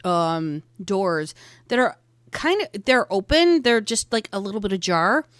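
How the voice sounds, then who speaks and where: A woman's voice: medium pitch, animated, a little slow, fairly bright tone, no room sound, studio quality. A woman narrating a tabletop game as game master, describing scenes casually with fillers.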